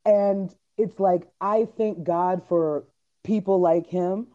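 A woman's voice: fairly low pitch, steady tone, takes it slowly, mellow, muffled recording. A woman in her thirties hosting a podcast, chatting candidly with frequent laughter and swearing. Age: 30s. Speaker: podcast host. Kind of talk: casual chat.

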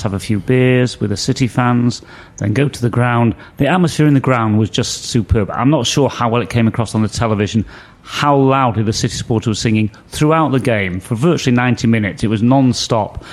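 Tired middle-aged guy, gushing about an away trip on a football podcast. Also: mid-range voice. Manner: enthusiastic, storytelling. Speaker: podcast panelist. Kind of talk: casual football chat.

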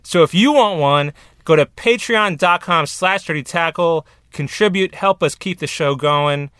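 A man hosts a casual podcast chat in a fairly high voice, hesitant and restarting his sentences with stammers. The sound is dry and close, with no room around it. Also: a little slow, a bit bright, clean tone, no room sound. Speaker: podcast host.

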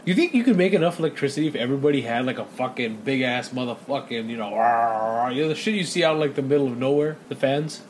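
A young man co-hosting a podcast, chatting casually and telling stories in an animated way, swearing often and laughing a lot. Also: mid-range voice, fast talker, hardly any pauses, slight background noise. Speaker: podcast co-host. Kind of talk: casual chat.

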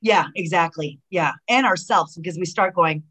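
A middle-aged woman in a relaxed interview, spinning stories with plenty of "like" and "you know". Her voice sits a little low, and she jumps into quoted dialogue with real animation. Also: normal speed, breathy edge. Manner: animated storyteller who acts out quoted dialogue, many fillers and restarts. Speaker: guest, retired pro wrestler. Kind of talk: casual interview chat.

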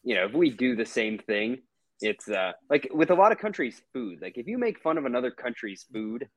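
A man's voice: mid-range voice, animated, fairly quick, dry recording, rough recording. A man co-hosting a podcast in casual chat, easygoing and a little rambling. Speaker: podcast co-host.

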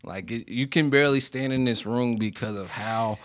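A man's voice: medium pitch, moderate pace, a bit bright, dry recording, studio quality, natural voice. A man playing a smug, swaggering bro in hell. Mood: boastful. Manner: smug, boastful, laid-back bravado. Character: swaggering bro-culture male sinner, adult. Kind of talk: improvised comedy sketch.

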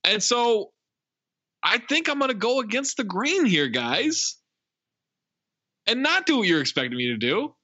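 A man's voice: high voice, big pitch swings, unhurried, pauses often, bright, forceful tone, breathy edge, no room sound, muffled recording. A man hosting a podcast, emphatic and opinionated in a casual movie review chat. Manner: emphatic, opinionated, laughs often. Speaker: podcast host.

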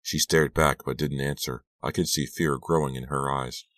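A man reading an audiobook aloud as first-person narration, steady and measured. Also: extremely low pitch, dry recording, studio quality. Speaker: audiobook reader.

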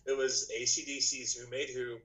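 A man chatting as a podcast guest, telling a long story in a loose, rambling way. He restarts sentences often and leans on fillers. His voice is a little rough today. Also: mid-range voice, level tone, normal speed, fairly bright tone, rough recording. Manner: rambling, many restarts and "you know". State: slightly rough voice, clearing throat. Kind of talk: casual storytelling chat.

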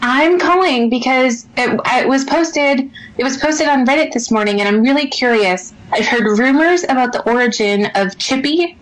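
A woman calls in to a show and chats casually. Her voice sits a little high. She talks in a teasing, giggly way. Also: poor audio. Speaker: caller. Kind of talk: casual phone call chat.

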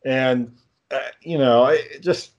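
A man's voice: mid-range voice, a little slow, darkish tone, highs cut off. A man co-hosting a podcast, talking in a rambling, profane, casual way and reading out text messages. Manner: profane, rambling, reads out texts. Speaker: podcast co-host.

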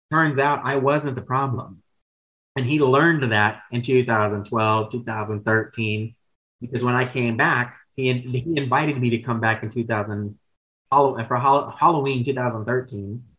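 A man's voice: mid-range voice, fairly bright tone, low-quality recording. A man in his thirties telling candid, rambling stories as a podcast guest, with casual swearing and self-corrections. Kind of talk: casual storytelling chat.

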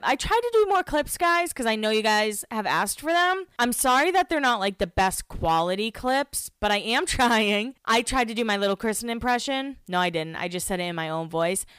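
A woman's voice: mid-range voice, a bit bright, clear, resonant tone, dry recording. A woman hosting a casual recap podcast, chatty and self-deprecating, with lots of "like" fillers. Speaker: podcast host recapping a reality show. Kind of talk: casual chat.

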